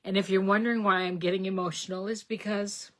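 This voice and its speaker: A woman's voice: mid-range voice, flat delivery, quick pace. A middle-aged woman hosting a live card-making stream, talking casually and rambling a little as she greets viewers by name. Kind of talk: casual live craft demonstration.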